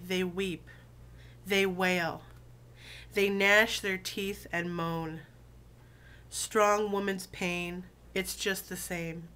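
A woman who has been sick, her voice lower than usual, chatting casually with many fillers and reading poems aloud in a slow, deliberate way. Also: a bit bright. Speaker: video blogger reading poetry.

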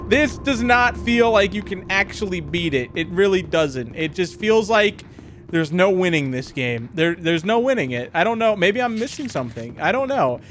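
A young man commentating a horror game as he plays, panicky and repeating words rapidly when scared. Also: sits high, expressive, fairly bright tone, faint music behind. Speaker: gaming YouTuber.

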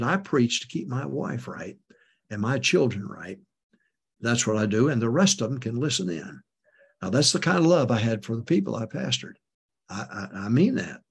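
Gravelly older male preacher. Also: medium pitch. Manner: folksy, emphatic, chuckles often. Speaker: pastor. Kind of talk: preaching talk to church leaders.

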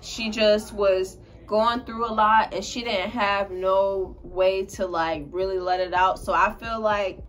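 A young woman co-hosting a casual storytime vlog, animated, swearing freely and laughing as she tells it. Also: medium pitch, slow pace, hardly any pauses, slight background noise. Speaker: co-host telling a story.

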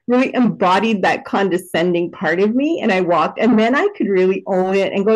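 Female participant, mid-pitched, animated and self-mocking storyteller. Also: fairly quick, few pauses, rough recording. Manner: animated storyteller, laughs at herself. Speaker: discussion participant. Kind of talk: casual group conversation.

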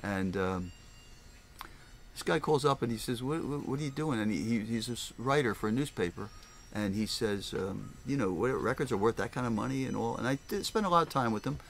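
A man's voice: mid-range voice, fairly quick, vocal fry, slight background noise. An older man, a record store owner telling rambling stories in a casual interview, often acting out the voices of people he quotes. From Philadelphia area, US. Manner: animated, rambling, acts out voices. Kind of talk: casual storytelling.

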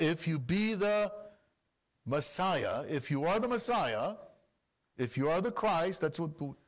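A man preaching a sermon as pastor, animated and full of rapid rhetorical questions. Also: mid-range voice.

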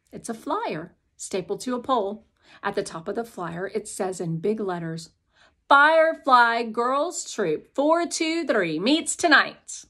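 A woman's voice: medium pitch, breathy edge. A woman reading an audiobook aloud in the first person, speaking as a young girl telling her own story. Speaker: audiobook narrator.

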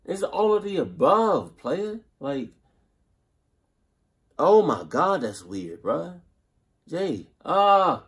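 A man hosting a reaction video, talking in animated, profane, slangy banter. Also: on the high side, very slow, pauses often, breathy edge. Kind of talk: casual reaction commentary.

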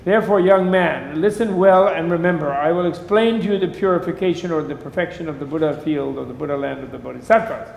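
A calm, ancient teacher gives measured instruction, read out by a lecturer. The voice is fairly high and rings in a large, echoey hall with a long tail. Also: male voice, vocal fry, slight background noise.

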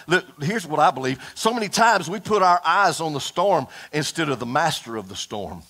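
A man preaching a fiery sermon to his congregation, folksy and animated, calling out for amens. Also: on the high side, moderate pace. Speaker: pastor. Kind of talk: impassioned Pentecostal-style sermon. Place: church service before a congregation.

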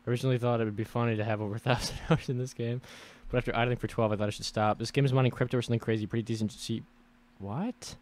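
A young man playing a video game and commenting on it, shifting from mumbled remarks to sudden loud yelps and curses. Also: medium pitch, steady tone, rapid-fire. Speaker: gaming YouTuber. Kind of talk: let's play commentary. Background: game music.

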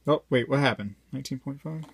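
A coin collector vlogger with a medium-pitched, fast, gravelly voice weighs coins while chatting casually and directly to his viewers, rambling and joking along the way. There is slight background noise.

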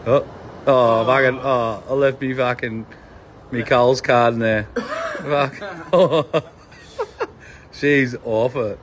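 A man's voice: medium pitch, huge pitch swings, slow pace, pauses often, crowd noise. A man filming a group ride and joking with heavy swearing. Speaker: vlogger. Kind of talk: casual ride commentary.

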